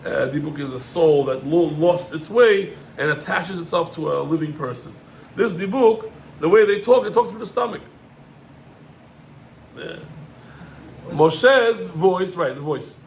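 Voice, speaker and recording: Animated, gravelly-voiced rabbi teaching. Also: male voice, measured pace, pauses often, slight background noise, rough recording. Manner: animated, rising pitch on emphatic points, Hebrew and Yiddish terms mixed in. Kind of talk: Torah lesson.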